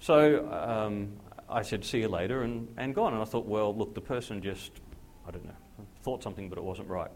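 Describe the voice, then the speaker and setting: A man, a pastor telling a personal testimony in a sermon, acting out the dialogue with lively jumps in his voice. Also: normal speed, few pauses. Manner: animated storyteller who acts out dialogue with big pitch jumps.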